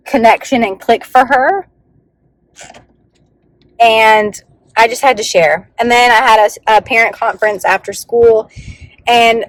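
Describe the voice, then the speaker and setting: A woman's voice: on the high side, dry recording, rough recording. Chatty young woman teacher, earnest vlog talk. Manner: chatty and earnest, many "like" fillers. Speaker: first grade teacher and vlogger. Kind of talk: casual vlog storytelling.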